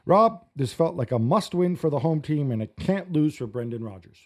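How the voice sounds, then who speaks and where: A man hosting a football podcast in casual chat, wry and quick, with frequent fillers and restarts. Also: fairly high pitch, animated. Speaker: podcast host.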